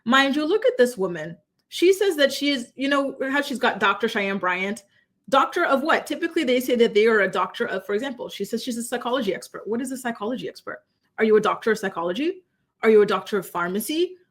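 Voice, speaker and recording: Brief: young woman commentator, casual and emphatic, somewhat high pitch, talks straight to camera indoors. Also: expressive, fast talker. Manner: chatty, emphatic, rhetorical questions. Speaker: commentary channel host.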